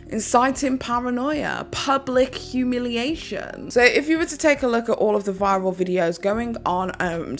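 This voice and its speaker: A woman giving scripted commentary in a measured, explanatory way. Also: medium pitch. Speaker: commentary YouTuber.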